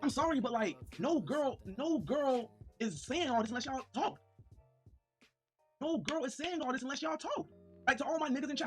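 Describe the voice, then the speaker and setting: A man livestreaming, excitedly reading messages aloud and talking straight to his chat. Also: very high voice. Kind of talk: livestream commentary.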